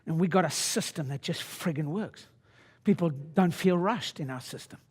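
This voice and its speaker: A man in his sixties, a chiropractor giving a live seminar talk, blunt and swaggering with salty language and sudden loud shouted bursts. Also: on the high side, normal speed, slightly rough.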